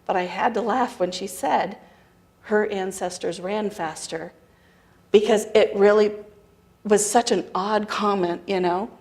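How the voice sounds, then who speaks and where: Woman, mid-pitch, storytelling talk, animated, voices the people in her story. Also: normal speed. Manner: animated storytelling with quoted dialogue. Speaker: guest speaker.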